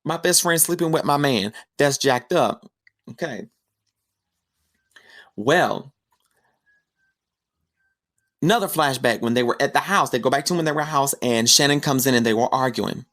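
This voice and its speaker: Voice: medium pitch, normal speed, long pauses, a bit bright. A podcast host giving a casual, chatty film review recap, telling the story with slangy asides.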